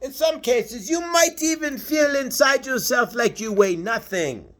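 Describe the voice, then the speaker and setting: A man's voice: very high-pitched, expressive, a little slow, a bit bright, exaggerated voice. A man channeling a patient, preachy male spirit master, lecturing through earnest rhetorical questions. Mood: earnest, urging.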